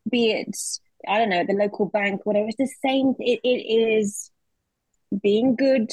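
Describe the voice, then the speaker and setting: A woman's voice: a little high, fairly even intonation, moderate pace, a little mellow, dry recording, poor audio. A woman co-hosting a podcast, supportive and asking probing questions. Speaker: podcast co-host. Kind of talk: casual podcast chat.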